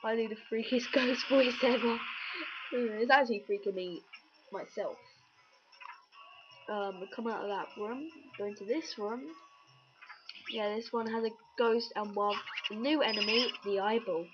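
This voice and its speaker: A woman's voice: fairly high pitch, fairly even intonation, unhurried, noisy background. A woman giving casual, jokey, rambling let's-play commentary on a video game. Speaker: gameplay commentator. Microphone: webcam or computer mic. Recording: dull lo-fi recording with loud game music.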